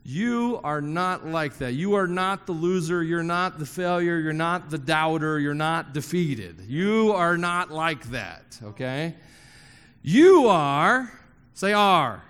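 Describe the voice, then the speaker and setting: A man preaches to a live congregation in a big hall, his high voice swooping up and down as he jokes with the crowd. He keeps repeating his key lines for emphasis, and a long reverb trails behind every phrase. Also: lively intonation, slow, a bit bright, clean tone. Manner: joking and conversational with the congregation. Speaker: pastor. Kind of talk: sermon. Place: church hall before a congregation.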